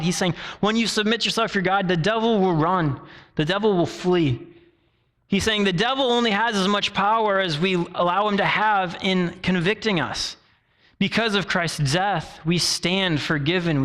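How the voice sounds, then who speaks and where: A young man delivers a sermon in a relaxed, conversational tone. He mixes a personal story into the teaching and briefly acts out the people he quotes. His voice sits a little higher than most men's. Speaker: pastor.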